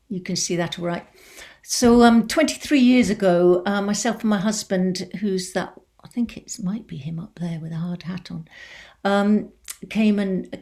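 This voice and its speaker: Woman crofter on a video call, lowish voice, chatty, a bit flustered. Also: a little mellow. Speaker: crofter presenting her experience. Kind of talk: spoken presentation on a video call.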